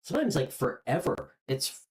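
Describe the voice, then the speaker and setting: A woman's voice: extremely low pitch, big pitch swings, moderate pace, rough recording. A woman hosting a live tarot reading who talks straight to her viewers. She is openly emotional and hesitant, with frequent ums and restarts. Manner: emotional, openly moved, hesitant with many fillers; speaks warmly and directly to viewers. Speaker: tarot reader.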